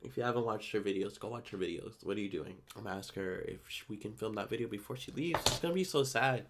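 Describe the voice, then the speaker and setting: A man's voice: on the low side, quick pace. Young guy vlogging while getting ready, just chatting away, acting out what people said. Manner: chatty, animated storytelling with quoted dialogue. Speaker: YouTuber. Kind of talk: casual get-ready-with-me chat. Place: San Diego.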